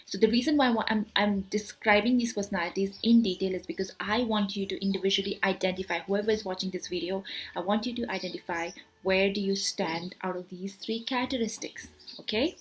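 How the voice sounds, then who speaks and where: A woman talking casually to camera as a motivational speaker, explaining with her hands, often repeating herself, filling pauses and asking herself questions. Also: medium pitch. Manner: explains with hand gestures, repeats words, many fillers; animated rhetorical questions.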